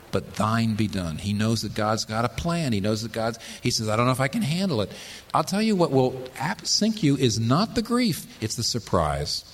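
A man preaching a sermon, swinging between loud emphatic lines and quiet asides. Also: medium pitch. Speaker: pastor. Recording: reverberant hall with faint noise.

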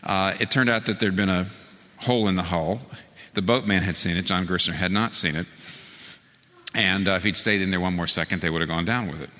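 A man preaching a sermon, his voice bright and forceful as he tells a story. He acts out quoted lines, jumping up high in pitch for them. The sound carries a long reverb of a large hall. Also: brisk. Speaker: pastor.

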